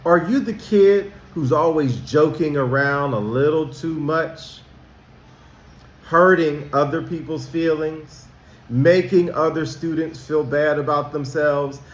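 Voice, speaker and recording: A school counselor, a man, speaks to students in an unhurried, deliberate way. His fairly high voice rises and falls a great deal as he asks them questions. The room around him gives a noticeable echo. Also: dull audio. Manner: slow, emphatic, asks questions. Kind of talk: talking to students. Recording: roomy echo.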